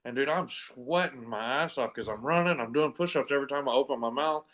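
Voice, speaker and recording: A man spins a story for friends at a comfortable middle pitch. He rambles, loops back with "and anyway", and drops casual curses along the way. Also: a little fast, fairly bright tone. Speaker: comedy podcast co-host telling a story.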